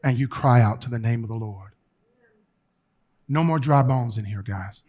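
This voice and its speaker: At a normal speed and mid-range pitch, a man gives a sermon as bishop. He relates stories with colloquial asides to the congregation, his delivery shifting from loud and lively to quiet and hushed as he urges them on.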